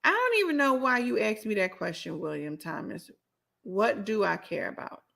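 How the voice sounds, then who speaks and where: This woman's medium-pitched voice is very animated, creaky and fairly bright, at a normal speed. On her own solo podcast she rants bluntly and sassily, repeating herself while replying to the live chat.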